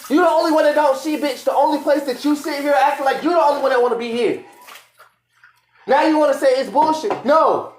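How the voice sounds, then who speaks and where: A young man arguing angrily and profanely with his partner on a live stream, repeating himself and shouting. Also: very high voice, a little fast, slight background noise. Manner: angry, profane, repetitive shouting. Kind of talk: heated argument on a live stream. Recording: echoey room.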